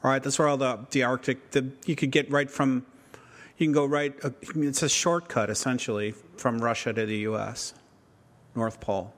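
A man talks through a podcast episode in easy, casual chat, wry and joking as he rambles. He often restarts his sentences midway. His voice sits at an ordinary middle pitch for a man. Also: steady tone, normal speed, fairly bright tone. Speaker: podcast co-host.

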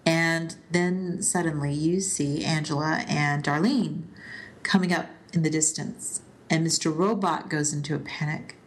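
Podcast co-host, female, lower register, animated recapper. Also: measured pace. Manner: animated, retells scenes at length. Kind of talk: casual TV discussion podcast.

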